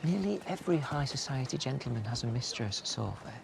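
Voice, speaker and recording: A frank worldly gentleman. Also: medium pitch, lively intonation, a little fast, creaky, very noisy. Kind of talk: period drama acting.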